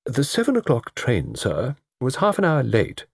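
A man's voice: mid-range voice, huge pitch swings, moderate pace, gravelly, breathy edge, no room sound, studio quality, pitched above the performer's own voice, heavily acted. A man voicing a grave, dignified butler who speaks formally in a storybook reading. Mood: deferential. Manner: formal, deferential.

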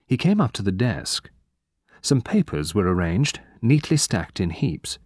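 Low-voiced man narrating a story. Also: slightly rough, dry recording, clean studio sound. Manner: steady, measured storytelling. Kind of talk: audiobook narration.

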